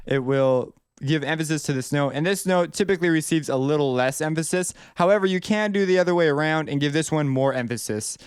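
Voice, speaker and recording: A young man teaches melody writing in an easygoing, conversational way, often restarting sentences and thinking out loud. His voice sits a little high and sounds smooth and clear. The recording is close and dry. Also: dry recording. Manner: loose and conversational, many restarts, thinks aloud. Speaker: music composition teacher. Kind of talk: casual video lesson.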